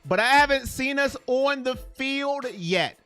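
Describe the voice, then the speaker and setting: Guy on a live stream chat, bright sharp voice, excitable and rambly. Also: very high-pitched, a little slow, clear, resonant tone, faint music behind. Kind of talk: casual live chat with viewers.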